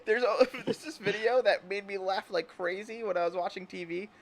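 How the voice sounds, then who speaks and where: A man hosts a casual chat, rambling through stories and laughing constantly as he acts out silly imagined lines, giggling through his words. His voice sits high, with a steady tone and moderate pace.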